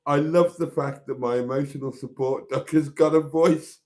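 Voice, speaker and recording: A man's voice: a little high, fairly even intonation, moderate pace, a little mellow. A man hosting a casual live stream, rambling and self-mocking and laughing easily.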